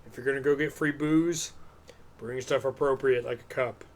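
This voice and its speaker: This podcast co-host, a man with a medium-pitched voice speaking at normal speed, tells a rambling story on a live stream show. His delivery is loose, casual and profane, full of animated storytelling.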